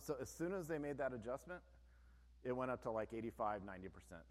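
A business owner gives an informal, plain-spoken talk to an audience, full of conversational asides. He's a fast talker with a medium-pitched voice, and the recording has the long reverb of a large hall.

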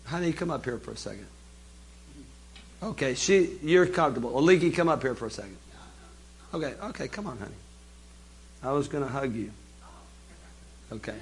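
A man giving a live business seminar, lively and jokey, speaking straight to the audience. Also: mid-range voice, moderate pace, pauses often, husky.

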